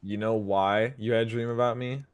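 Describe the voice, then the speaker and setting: A man's voice: lowish voice, fairly even intonation, normal speed, clean tone. A young man co-hosting a podcast, chatting casually and teasing with dry quips. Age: young adult. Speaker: podcast co-host. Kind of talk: casual chat.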